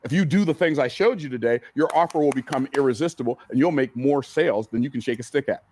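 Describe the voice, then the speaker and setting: A man's voice: medium pitch, quick pace, a little mellow, slight background noise. A man teaching from a stage in a seminar style, emphatic and repetitive, asking the audience questions. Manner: emphatic, repeats key phrases, asks the audience questions. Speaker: business coach speaking on stage. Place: event room with a live audience.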